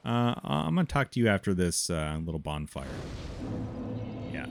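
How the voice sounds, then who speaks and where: Brief: male gaming streamer, deep voice, unhurried, chatty and excitable, faint noise behind. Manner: excitable, chatty, reacting out loud. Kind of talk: casual gaming commentary.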